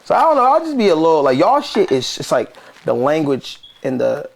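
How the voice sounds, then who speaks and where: A man's voice: fairly high pitch, huge pitch swings, a little fast, vocal fry. A man with a Detroit accent, a guest talking loosely in slang and laughing often in a casual chat. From Detroit, USA. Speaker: podcast guest.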